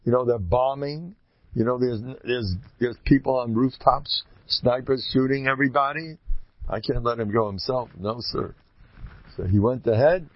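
An older man, a rabbi, giving a Torah lecture full of stories, acting out the people he quotes with sudden high, loud bursts. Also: moderate pace. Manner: animated storyteller, jumps high when acting out quoted voices. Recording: dull lo-fi recording.

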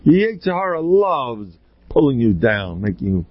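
A rabbi preaching in a husky, slightly rough voice, his pitch swinging widely as he drives home each point. He talks bluntly and fires off rhetorical questions at his listeners. The sound is dry and a little dull, like a lo-fi recording. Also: sing-song, normal speed, dry recording. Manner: emphatic and blunt, climbing into high exclamations and rhetorical questions. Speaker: rabbi lecturing a congregation. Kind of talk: Torah lecture.

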